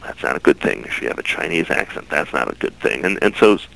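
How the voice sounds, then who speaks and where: A man's voice: extremely low pitch, very animated, quick pace, vocal fry, fairly bright tone, low-quality recording. A man from the United States answering interview questions earnestly, often repeating words as he starts a phrase. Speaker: guest.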